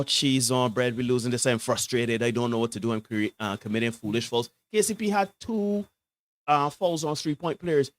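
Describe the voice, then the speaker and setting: A man giving emphatic basketball analysis on a sports talk show. He often asks "right?" and swings between low asides and loud, preachy bursts. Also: no room sound.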